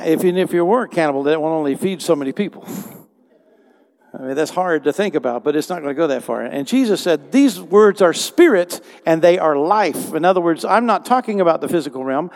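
In a church hall with long reverb, an older man preaches a conversational sermon as pastor. His mid-range voice is darkish with vocal fry, and he repeats phrases and restarts sentences.

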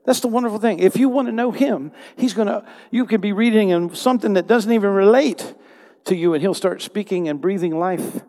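A man's voice: high-pitched, brisk, a little mellow. An older man preaching a conversational sermon as pastor, repeating phrases and restarting his sentences. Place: church hall. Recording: long hall reverb.

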